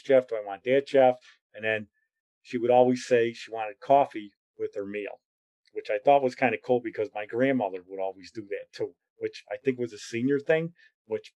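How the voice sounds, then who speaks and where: A middle-aged man telling personal memories in a casual, rambling way. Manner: rambling, conversational, drops lower and quieter when reflective. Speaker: storyteller.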